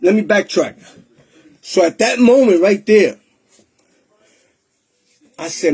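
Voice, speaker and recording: A man's voice: sits high, lively intonation, slow pace, long pauses, a little mellow, breathy edge. A man telling his personal testimony in an emotional, streetwise way, slipping Spanish into his English. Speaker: testimony speaker.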